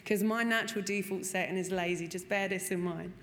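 A woman's voice: mid-range voice, fairly even intonation, brisk. A woman, telling her recovery story frankly and expressively, swearing and acting out what people said. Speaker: speaker sharing a recovery story. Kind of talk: personal testimony talk. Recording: long hall reverb, faint room noise.

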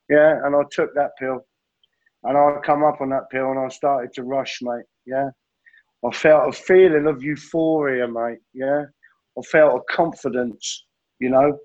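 A man's voice: medium pitch, fairly even intonation, moderate pace, a little mellow, highs cut off. A middle-aged man sharing his addiction recovery story in a rambling, blunt way, swearing and saying mate constantly.

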